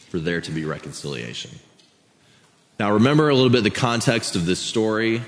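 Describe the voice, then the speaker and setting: A man reading scripture aloud and preaching a sermon as a pastor, in a steady, measured way. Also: on the low side. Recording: long reverb of a hall.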